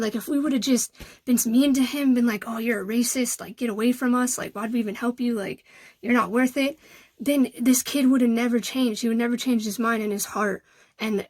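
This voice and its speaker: A woman's voice: on the high side, no room sound. A woman telling a story in a casual, chatty way, full of "like" and "you know". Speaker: vlogger.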